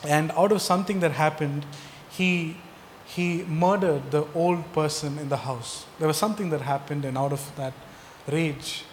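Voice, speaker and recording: A man's voice: fairly high pitch, normal speed, few pauses, big-room sound, a little hiss or hum. A male pastor delivering a sermon, asking the congregation rhetorical questions and stressing key points.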